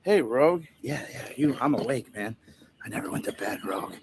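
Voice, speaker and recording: A man's voice: mid-range voice, expressive, fairly quick, background noise. A man hosting a livestream in a casual, rambling, profane way, telling stories and laughing at his own jokes. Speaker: livestream host. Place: outdoor event setup with a tent.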